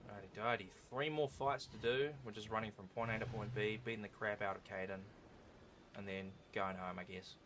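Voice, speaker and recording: A man's voice: fairly low pitch, fairly even intonation, fairly quick, fairly bright tone, slight background noise. Joking man commentating a speedrun. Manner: joking, sarcastic asides. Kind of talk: casual gameplay commentary.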